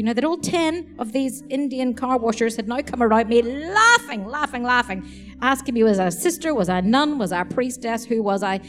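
A woman preaching a sermon, telling lively stories and laughing as she acts out the people in them. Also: a little high, brisk, soft background music. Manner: animated, laughing storyteller. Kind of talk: sermon storytelling.

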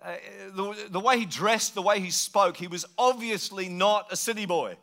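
Bright-voiced pastor telling stories. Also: male voice, sits high, moderate pace. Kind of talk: sermon with storytelling.

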